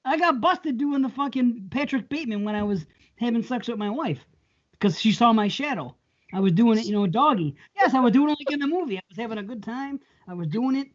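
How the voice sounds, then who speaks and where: A man's voice: very high-pitched, expressive, brisk, lo-fi sound. A man co-hosting a podcast, bantering crudely, swearing freely and laughing often. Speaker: podcast co-host.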